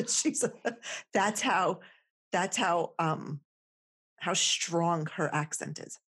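Husky Jersey-accented woman. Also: on the low side, very slow, pauses often, a bit bright. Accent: New Jersey. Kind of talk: casual chat.

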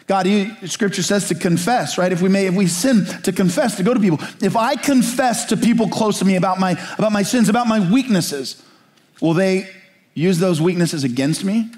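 A man delivering a sermon as pastor, his voice sitting a little high for a man. He presses slow, pleading questions, then slips into quicker, conversational asides. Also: darkish tone.

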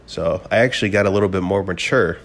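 A man's voice: low-pitched, fast talker, a little hiss or hum. A man, hosting a podcast as a profane, rambling, bro-style storyteller. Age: 20s. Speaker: podcast host. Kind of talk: casual monologue.

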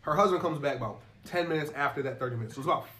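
Fast-talking young man telling a story. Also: on the high side, slight background noise. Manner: animated, profane, acts out dialogue. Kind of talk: casual storytelling chat.

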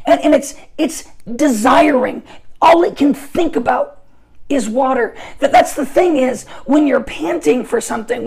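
High gravelly voice preaching a sermon. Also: female voice, poor audio. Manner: animated storytelling, shifts between soft asides and shouted emphasis.

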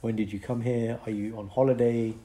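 A young man, co-hosting a casual podcast and explaining a medical condition in an animated way. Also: medium pitch, brisk. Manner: explanatory, animated, breaks into mock accents for fun. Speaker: podcast co-host, doctor.

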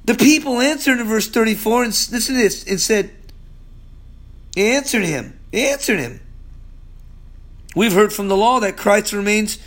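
Preaching from the pulpit, this man sounds forceful and street-smart, shifting from booming exhortations down to hushed murmurs.

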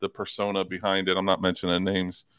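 A man's voice: sits low, completely flat delivery, fast, fairly bright tone, clean tone, no room sound. A man co-hosting a casual sports talk podcast, rambling, stammering and firing off rhetorical questions. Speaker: podcast co-host.

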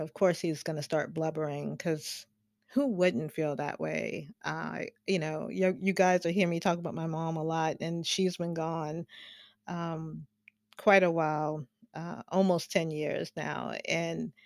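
Woman, low voice, casual film review, chatty, frequent laughs, dry close sound. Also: darkish tone, dry recording. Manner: chatty, laughs often, many fillers.

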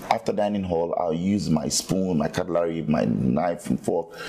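A man's voice: low voice, vocal fry, mellow, low-quality recording. A middle-aged man with a Ghanaian English accent, a guest in a sit-down interview, telling his story in an upbeat, earnest way with many repeated starts. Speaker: interview guest, media executive.

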